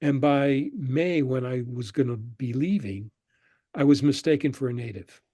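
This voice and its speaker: An older man, a guest on an interview show, telling relaxed stories about his past and acting out the people he quotes. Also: mid-range voice, moderate pace, dry recording. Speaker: guest, screenwriter and professor. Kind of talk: conversational interview storytelling.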